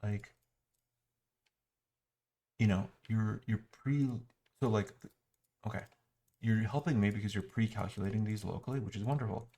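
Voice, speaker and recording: Gravelly, exasperated man griping. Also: on the low side, normal speed, pauses often, warm tone. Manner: muttering while clicking through an app. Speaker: software reviewer. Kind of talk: screen-recorded software critique.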